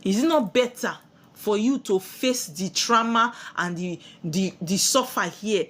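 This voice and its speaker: A woman's voice: medium pitch, a little slow, a bit bright. A woman with a Nigerian accent giving a spiritual sermon, preachy and full of rhetorical questions she answers herself. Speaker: spiritual teacher.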